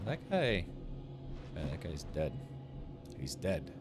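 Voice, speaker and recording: A man streaming a video game, chatting casually with viewers and reacting out loud as he plays. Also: sits low, huge pitch swings, slow pace. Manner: casual, rambling, reacts aloud while playing. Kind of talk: gaming livestream commentary, chatting with viewers. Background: game music.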